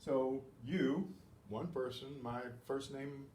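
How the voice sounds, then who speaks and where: A man teaching a Spanish grammar lesson, explaining step by step and clearing his throat often. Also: medium pitch, slow pace, a little mellow, far from the mic. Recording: echoey room with faint background hum.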